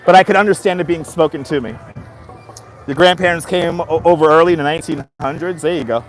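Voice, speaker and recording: A man's voice: a little high, fairly even intonation, fast, soft background music. A man in his fifties with a Brooklyn accent, chatting bluntly on a live stream outdoors and answering viewer comments. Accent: Brooklyn New York. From Brooklyn, New York. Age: 50s. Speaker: livestreamer. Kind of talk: casual live-stream chat. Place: outdoors in a busy seaside city area.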